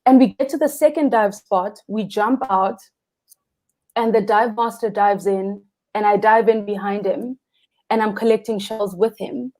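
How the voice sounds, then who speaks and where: A woman's voice: medium pitch, unhurried, darkish tone. A South African woman, a guest freediving instructor, telling a story animatedly, acting out quotes and laughing often. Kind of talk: casual interview storytelling.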